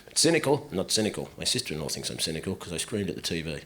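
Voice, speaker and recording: A man doing a profane stand-up routine, swinging from low muttering to loud ranting outbursts. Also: sing-song, rapid-fire. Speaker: stand-up comedian. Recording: live club recording with audience laughter. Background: crowd laughter.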